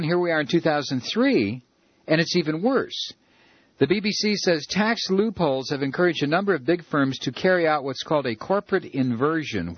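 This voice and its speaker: A man's voice: on the high side, breathy edge, no room sound, highs cut off. A man hosting a talk radio show, ranting sarcastically and rambling with many fillers. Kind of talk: opinionated talk radio monologue.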